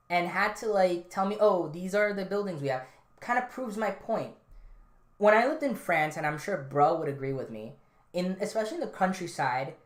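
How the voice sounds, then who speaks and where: Low-voiced woman, casual podcast talk. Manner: rambling, offhand, many fillers and restarts. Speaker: podcast host. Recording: roomy, echoey room.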